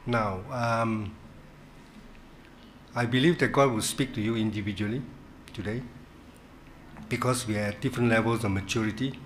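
A man leading a Bible study in a church, teaching in a halting way, repeating words and stressing key words. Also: fairly low pitch, fairly even intonation, a little hiss or hum.

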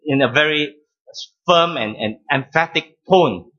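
A man preaching a sermon as pastor, teaching deliberately, stressing key words and repeating phrases. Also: fairly high pitch, a bit bright, lo-fi sound.

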